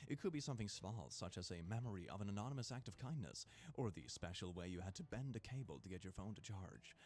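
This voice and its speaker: A man's voice: fairly low pitch, animated, fast talker, a little mellow. A young man streaming, casually joking as he reacts to clips and reads posts aloud.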